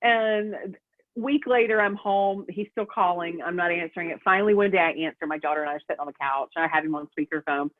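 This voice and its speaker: Woman's lively storytelling over a tinny line. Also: lowish voice, fast, dry recording. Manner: lively storyteller who acts out quoted voices. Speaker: guest, prison matchmaker. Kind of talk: casual interview storytelling. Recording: tinny phone-like line, dry.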